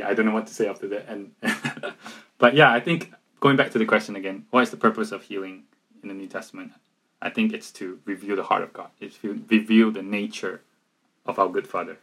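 A man with a husky, fairly low voice speaks earnestly about faith. He talks haltingly, circling back with restarts and fillers as he tells his story, in a relaxed conversational way. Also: low-quality recording.

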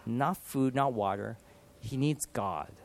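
A man in his thirties preaching a sermon, earnest and animated, swinging from loud emphasis to soft, quiet lines. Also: mid-range voice, slow, vocal fry. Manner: earnest, animated, with dramatic shifts in loudness. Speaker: pastor.

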